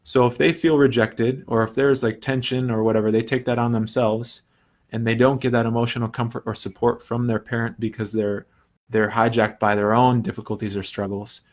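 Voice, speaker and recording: A young man talks through his subject in a relaxed, earnest teaching manner. He restarts often and drops into a softer voice when he quotes inner thoughts. His voice sits at an ordinary middle pitch. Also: fairly quick. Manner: earnest, thinks aloud with restarts and soft quoted asides. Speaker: recovery podcast host. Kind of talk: casual teaching talk.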